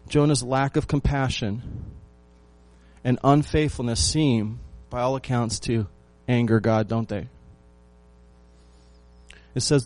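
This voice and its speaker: Guy preaching a sermon, mid pitch, keeps asking the crowd questions, repeats stuff for punch, goes loud then quiet. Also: fairly even intonation, slow, long pauses, dry recording. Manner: rhetorical questions to the congregation; emphatic repetition, swings between loud and hushed. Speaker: pastor.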